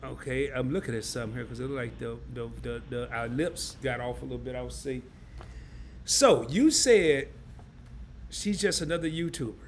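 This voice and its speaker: A man's voice: mid-range voice, normal speed, slight background noise. A man hosting a casual live-stream interview, chatting and reading viewer comments aloud.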